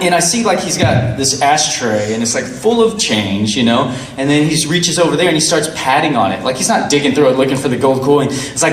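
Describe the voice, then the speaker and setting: A man telling a story on a stream in a lively way, laughing and acting out what people said. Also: on the high side, fairly quick. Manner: animated, laughing, acting out quotes. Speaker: guest. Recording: roomy, distant mic, faint noise.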